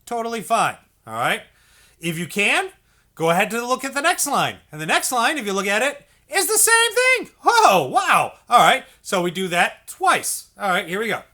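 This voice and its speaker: Male music teacher, encouraging and patient, bright tone, a bit high, demonstrates by singing note syllables. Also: big pitch swings, normal speed. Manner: patient, encouraging, repeats checks like okay and all right; sings syllables to demonstrate notes. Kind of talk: instructional video lesson.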